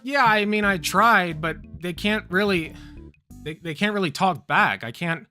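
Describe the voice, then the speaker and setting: A man's voice: sits high, animated, a little slow, pushed and bright, soft background music, voice pushed up, heavily acted. A man voicing Adam as a lonely, earnest, slightly bewildered young man in a stand-up bit. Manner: hesitant, earnest.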